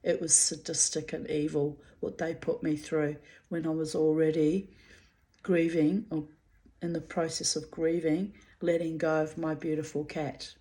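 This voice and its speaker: Slow, low-voiced New Zealand woman. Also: flat delivery, dark tone. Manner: bitter, blunt, swears freely. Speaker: pet owner recounting a dispute. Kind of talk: reading out messages with commentary.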